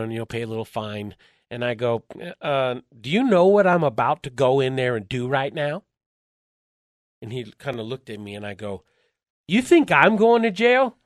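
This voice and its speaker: A man being interviewed, telling a story in lively conversation, acting out the voices in his quotes and chuckling along the way. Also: medium pitch, no room sound, studio quality. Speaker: interview guest.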